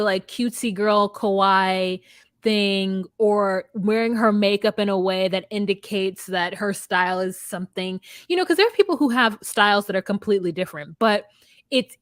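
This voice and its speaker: A woman co-host talks casually and firmly, giving opinions with quick asides. Her voice is recorded dry and close, with no room sound. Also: mid-range voice, dry recording. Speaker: podcast co-host. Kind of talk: casual recap chat.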